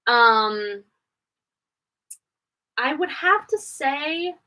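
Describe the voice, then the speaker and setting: A woman's voice: lively intonation, bright, forceful tone, low-quality recording. A woman from Canada hosting a live question-and-answer stream from a home studio, chatting casually and rambling from one thought to the next. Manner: chatty and rambling, quick jumps in pitch. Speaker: livestream host answering viewer questions. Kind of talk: casual chat.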